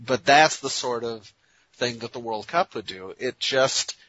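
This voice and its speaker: A man co-hosting a soccer talk show, speaking in a rambling, halting, wry way with lots of restarts. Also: mid-range voice, fairly bright tone, lo-fi sound. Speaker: soccer podcast co-host. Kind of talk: casual sports talk.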